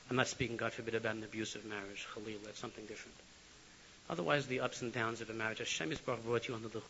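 A man giving an animated sermon full of storytelling, on a lo-fi recording with faint hiss. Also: mid-range voice. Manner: animated, swinging from loud to hushed. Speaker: religious speaker.

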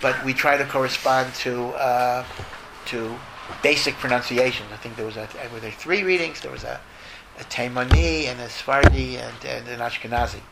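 A man, a rabbi answering a question in an informal talk, thoughtful and lively, mixing in Hebrew and Yiddish terms. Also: mid-range voice, normal speed, gravelly, background noise.

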